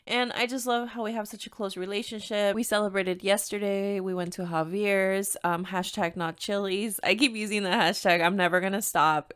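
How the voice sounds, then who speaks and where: A woman's voice: mid-range voice, fairly bright tone, smooth. A young woman with a Mexican-American accent hosting her own podcast, chatting candidly, laughing often and slipping Spanish phrases into her English. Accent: Mexican-American English with Spanish code-switching. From United States, Mexican-American. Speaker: podcast host. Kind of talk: casual solo podcast chat.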